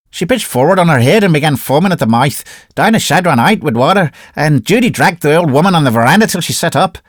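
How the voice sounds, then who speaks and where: A man's voice: on the high side, expressive, quick pace, dry recording, studio quality. A man reading a classic story aloud as an audiobook narrator. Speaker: audiobook reader. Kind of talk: scripted narration.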